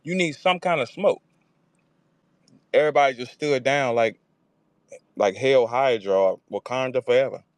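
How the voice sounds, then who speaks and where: A man hosting a casual battle rap talk space, profane and animated, slipping into mocking voices when he quotes people. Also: mid-range voice, moderate pace, pauses often, no echo. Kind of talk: casual chat. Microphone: online audio room.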